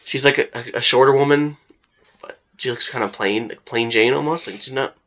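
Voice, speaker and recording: A man's voice: mid-range voice, fairly quick, a bit bright. A young man narrating as game master of a tabletop horror game, casual and loose with many "like" fillers.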